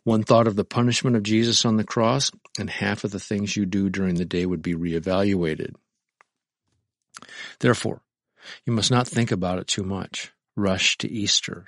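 Low-voiced man preaching conversationally. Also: moderate pace, a bit bright, no room sound, clean studio sound. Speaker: pastor. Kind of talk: sermon with reading aloud.

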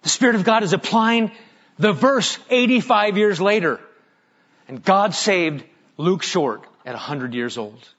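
A male pastor delivers a sermon in a voice pitched a touch above the usual for a man. He tells stories dramatically, dropping to a near hush for scripture and then climbing back to loud emphasis. The recording is somewhat dull and lo-fi. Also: lively intonation, unhurried. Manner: dramatic storytelling, swinging from hushed to loud.

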